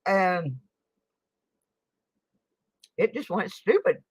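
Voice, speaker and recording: A woman hosts her livestream from a home setup in a folksy, chatty way, sometimes eating while she talks. Her delivery is unhurried and drawn out. The sound is dry and close on a desk microphone. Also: mid-range voice, big pitch swings, husky, dry recording, muffled recording. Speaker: host of a coin collecting livestream. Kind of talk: casual livestream chat.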